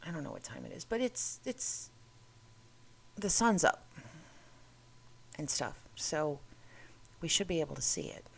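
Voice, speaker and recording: Low-voiced woman with lots of vocal fry, rambling casually through odd facts. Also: very animated, a little slow, long pauses. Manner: chatty, rambling, self-interrupting. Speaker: host. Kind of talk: casual talk reading curiosities.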